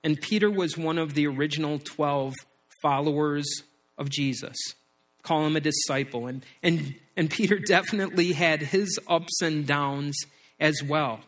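Middle-aged pastor, slightly high voice. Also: male voice, unhurried, fairly bright tone. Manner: storytelling, repeats words as he speaks. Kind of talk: sermon.

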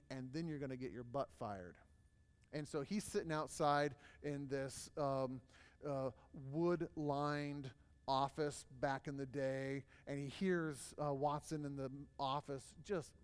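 A man's voice: mid-range voice, clear, resonant tone. A man presenting a workshop to a live audience, telling stories casually with plenty of fillers. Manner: casual storytelling with many fillers. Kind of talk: live class talk to an audience. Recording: long hall reverb.

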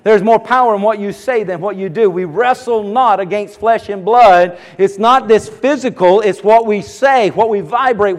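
A man's voice: high-pitched, big-room sound. A middle-aged man preaching a sermon as pastor, fervent and emphatic, with repeated exclamations.

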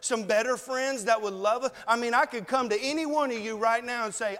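High-voiced preacher in an echoing hall. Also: male voice, brisk, hardly any pauses, a bit bright. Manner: earnest, pleading, addresses the congregation directly. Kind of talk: sermon. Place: church.

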